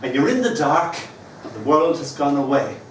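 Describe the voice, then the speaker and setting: An older Irish man performs his poems live, and between verses he slips into playful, teasing banter. His voice sits a touch high for a man. He is caught from some way off the mic, in a very echoey room with faint noise behind him. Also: very animated, moderate pace, recorded from a distance. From Ireland. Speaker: poet. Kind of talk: live poetry reading.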